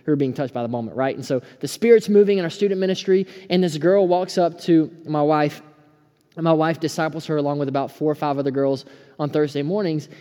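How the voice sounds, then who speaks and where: Pastor in his thirties, earnest sermon delivery, slightly high pitch, warm and dark tone, reverberant sanctuary. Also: fast talker. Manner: earnest, swings between hushed and fired-up. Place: church sanctuary. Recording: preaching in a hall with long reverb.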